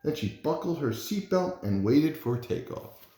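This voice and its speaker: A man, a parent, reading a children's storybook aloud in an expressive, animated way. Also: on the high side, measured pace, slight background noise. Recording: roomy echo.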